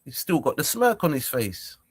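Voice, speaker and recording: Young guy ranting a story, higher voice, dry sound, keeps repeating himself. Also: moderate pace, breathy edge, no echo. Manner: animated, repetitive, acts out confrontations. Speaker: vlogger. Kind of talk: casual storytelling.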